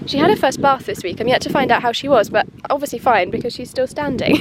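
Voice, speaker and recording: A woman's voice: high voice, moderate pace, noisy background. A woman chatting bubbly and rambling in a casual vlog, filming herself on a handheld phone. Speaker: equestrian vlogger.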